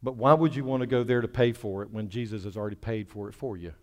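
A male pastor delivering an impassioned sermon in a church, swinging between loud preaching and a hushed, soft voice. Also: fairly low pitch, quick pace. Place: church sanctuary. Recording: long hall reverb with faint music.

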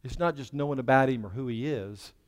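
A male pastor delivering an impassioned sermon in a church, swinging between loud preaching and a hushed, soft voice. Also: mid-range voice, brisk. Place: church sanctuary. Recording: long hall reverb with faint music.

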